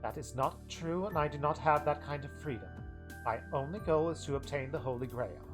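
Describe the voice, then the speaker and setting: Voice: mid-range voice, brisk, music in the background, natural voice. A streamer reading lines as a stern, formal young female knight, speaking in stiff clipped sentences. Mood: curt. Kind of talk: playthrough voice reading.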